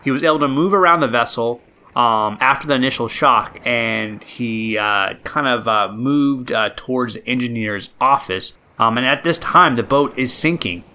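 A man's voice: mid-range voice, normal speed, few pauses, pushed and bright. A man hosting a podcast, telling a true story casually and rambling with many ums and uhs. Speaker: podcast host.

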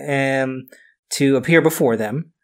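A man's voice: mid-range voice, slow pace. A man hosting a casual podcast, telling a history story loosely, with frequent fillers and chuckles.

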